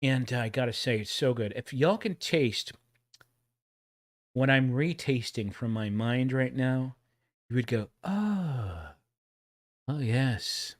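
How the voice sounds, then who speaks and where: A chatty Texan man in his forties hosts a casual livestream, rambling between clips and laughing at his own jokes. His voice sits at an ordinary middle pitch. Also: measured pace, long pauses. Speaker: livestream host reacting to old commercials.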